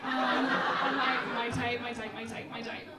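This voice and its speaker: A young woman doing stand-up crowd work, brash and quick, laughing between jokes. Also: on the high side, level tone, heavy background noise. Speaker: stand-up comedian. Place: comedy club stage before a live audience. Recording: roomy live mic from a distance, loud crowd.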